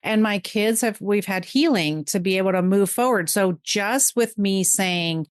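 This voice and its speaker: Middle-aged woman, podcast guest; heartfelt, rushing bursts, mid pitch, dry sound. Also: clear, resonant tone, no room sound. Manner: earnest, emotional, talks in quick bursts. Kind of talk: heartfelt conversational interview.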